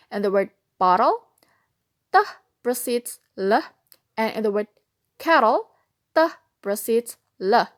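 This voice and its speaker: Woman, slightly high voice, slow deliberate read-through of a phonetics lesson. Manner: slow, careful, deliberate reading. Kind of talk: reading a phonetics lesson aloud.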